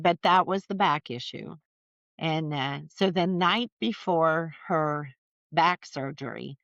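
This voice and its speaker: A middle-aged woman with a lowish voice tells family stories as a podcast guest. She recounts events in a chatty, animated way, full of fillers. The sound is dull and lo-fi, with a dry, close feel. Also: dry recording. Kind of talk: casual storytelling conversation.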